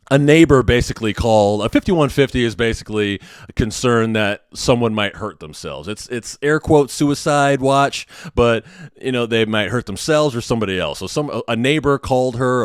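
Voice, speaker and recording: Man, 30s, podcast host, profane sardonic rant, mid-pitched voice, dry close mic. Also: no room sound. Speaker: podcast host, hospital worker. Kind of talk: ranting monologue.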